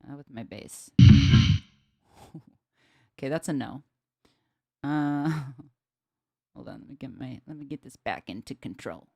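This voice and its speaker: A woman bassist hosting a livestream, chatting casually with her viewers, excitable, laughing often and swearing mildly. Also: slow, pauses often, dull audio, soft background music.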